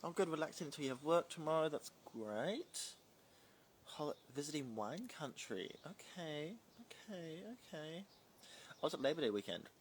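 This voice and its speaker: A man's voice: a little high, animated, normal speed, a little hiss or hum. A man hosting a casual phone livestream from home, rambling and reading viewer comments aloud. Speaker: livestream host. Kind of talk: casual live-stream chat.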